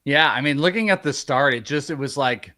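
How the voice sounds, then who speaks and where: A man co-hosting a sports podcast in casual chat, animated and opinionated. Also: mid-range voice, brisk. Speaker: podcast co-host.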